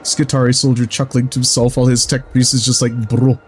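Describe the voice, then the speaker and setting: A man streaming a video game in casual chat, excitable, swearing freely and laughing often while he yells at the game. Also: medium pitch, fast, a little hiss or hum.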